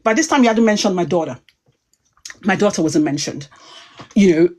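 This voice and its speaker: A woman's voice: on the low side, expressive, moderate pace, a little mellow, husky. A woman talking heatedly on a livestream, emphatic and rambling as she goes. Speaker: online commentator.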